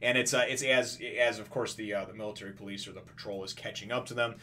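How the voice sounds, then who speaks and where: A man's voice: fairly low pitch, steady tone, fast, sharp tone, slight background noise. A man casually recapping a comic chapter, rambling with many fillers and restarts and acting out characters' lines. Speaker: comic reviewer.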